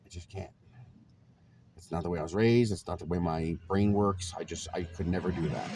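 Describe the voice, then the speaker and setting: Low-voiced rambling man telling stories. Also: warm tone, a little hiss or hum. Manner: rambling, with many ums and chuckles. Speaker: vlogger. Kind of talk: casual storytelling to camera.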